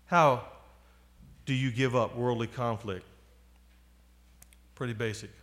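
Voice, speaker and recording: A man in his forties preaching a sermon, moving from loud appeals to quiet asides. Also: a little high. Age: 40s.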